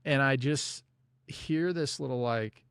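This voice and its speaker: Guy with a raspy gravelly voice telling a personal faith story on a podcast, lots of "you know", medium pitch. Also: slow, fairly bright tone, no echo. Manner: loose and conversational, full of "you know" and "like"; religious, speaks of God and prayer. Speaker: author and podcast guest. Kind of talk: storytelling in a casual interview.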